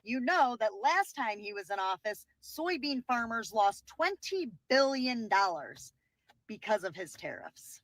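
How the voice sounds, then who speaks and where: A woman's voice: fairly high pitch, fairly bright tone, dry recording. A woman ranting angrily in a reaction commentary, profane and sarcastic, mocking others in put-on voices. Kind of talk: angry reaction rant.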